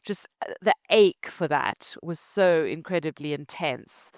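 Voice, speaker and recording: Woman, Zimbabwean accent, middle-aged, low pitch, dry close sound, animated storytelling. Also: a little slow, no echo. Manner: animated, laughs often, acts out quotes. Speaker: company founder, guest. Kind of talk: conversational interview storytelling.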